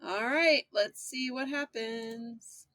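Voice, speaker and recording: A woman's voice: on the high side, slow pace, sharp tone. A woman taking part as a player in a tabletop role-play session, playful and joking about her own bad dice rolls.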